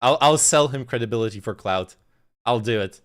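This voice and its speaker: A man's voice: medium pitch, fairly quick, fairly bright tone, clean tone. A man reacting on a livestream, talking casually and profanely with lots of stammered restarts, recorded on a phone. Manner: rambling, profane, stammering restarts, frequent laughs. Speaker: streamer. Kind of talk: casual reaction stream commentary.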